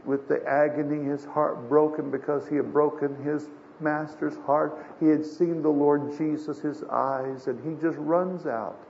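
A man's voice: fairly high pitch, fairly even intonation, unhurried, gravelly, hardly any pauses, darkish tone. An older man preaching a sermon as a pastor, folksy and storytelling, with emphatic swells. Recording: dull lo-fi sermon recording with faint hiss.

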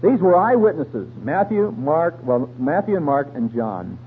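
A man's voice: on the high side, big pitch swings, unhurried. A man preaching in a folksy, colloquial storytelling way, full of slang, on a tinny radio broadcast with a faint hum. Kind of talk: radio sermon.

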